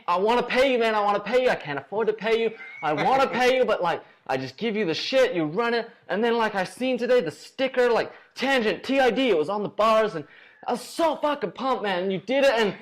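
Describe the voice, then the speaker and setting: A man putting on a drunk, overexcited sponsor who can't stop gushing. The voice climbs high and keeps repeating itself, full of swearing and thanks.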